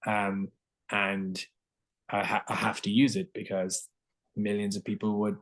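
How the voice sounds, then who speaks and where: A man with a fairly low voice tells a long, rambling story in a relaxed interview chat. He fills his sentences with constant filler words and loose restarts. The delivery stays casual and conversational. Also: unhurried. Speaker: guest singer-songwriter.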